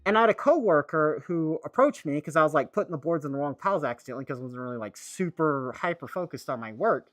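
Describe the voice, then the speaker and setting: A man streaming a casual monologue, rambling and halting, full of fillers and restarts. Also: a little high, expressive, fairly bright tone, dry recording, faint music behind.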